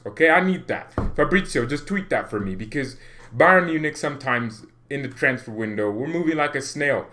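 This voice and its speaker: A man's voice: medium pitch, a little fast. Young male fan-channel host, casual and jokey, mid-range voice, acts out pretend calls. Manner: animated, jokey, acts out mock phone calls. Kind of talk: casual football commentary.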